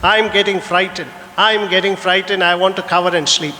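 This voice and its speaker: A priest voicing a frightened young newlywed wife in a sermon anecdote, pleading anxiously. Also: male voice, sits high, steady tone, normal speed, bright, forceful tone, roomy sound, big-room sound, slight background noise.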